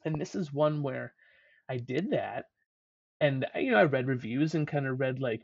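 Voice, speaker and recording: A man's voice: mid-range voice, animated, moderate pace, creaky, husky, no echo. A man rambles through casual podcast chat, loose and self-deprecating. His voice comes through a dull, lo-fi recording with no room sound. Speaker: podcast co-host.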